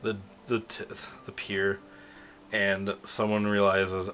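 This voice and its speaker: A man's voice: low-pitched, level tone, moderate pace, a bit bright, a little hiss or hum. A man narrating as game master, rambling, laughing often and acting out side characters.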